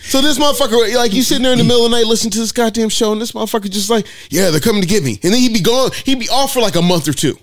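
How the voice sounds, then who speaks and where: A man co-hosting a podcast, telling profane, animated stories in casual banter. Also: extremely high pitch, racing, hardly any pauses. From Sacramento area. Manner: profane, animated storytelling with mock quotes. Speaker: podcast co-host.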